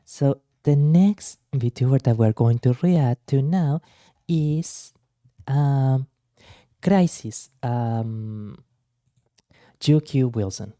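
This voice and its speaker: A man streaming as a VTuber, reacting to clips in a soft-spoken, somewhat formal way. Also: medium pitch, drawn-out words, dry recording, clean studio sound.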